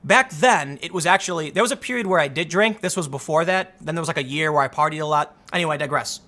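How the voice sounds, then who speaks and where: Bright-voiced man telling a story. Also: fairly high pitch, quick pace. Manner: animated retelling, acts out the dialogue. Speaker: vlog host. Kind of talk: casual storytelling monologue.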